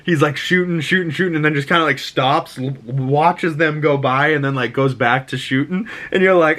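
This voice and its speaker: A man's voice: medium pitch, normal speed, hardly any pauses. Rambling, swearing Boston guy recapping a show. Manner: rambling, animated, swears, acts out lines. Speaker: podcast host.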